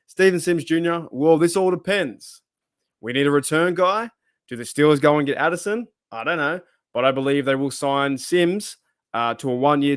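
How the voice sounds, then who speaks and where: A man's voice: medium pitch, clean tone, dry recording, clean studio sound. A man talking casually to the camera as a sports YouTuber, rambling and thinking aloud with frequent asides. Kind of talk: casual solo video commentary.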